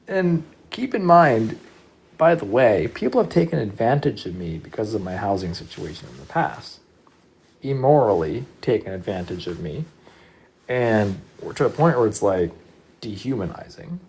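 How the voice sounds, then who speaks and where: Animated, swearing livestream storyteller. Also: medium pitch, normal speed, breathy edge. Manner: animated, swears often, addresses chat.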